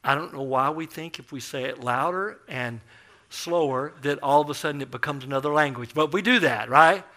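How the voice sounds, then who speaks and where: A man preaching a sermon, telling a story in an animated way and acting out the people in it. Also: fairly high pitch, a little fast.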